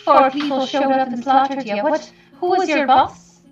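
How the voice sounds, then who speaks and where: Eager high-voiced woman, distant and roomy. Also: normal speed, soft background music. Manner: kind, eager, chatty. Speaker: player. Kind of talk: tabletop game role-play. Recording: roomy, distant, dull sound.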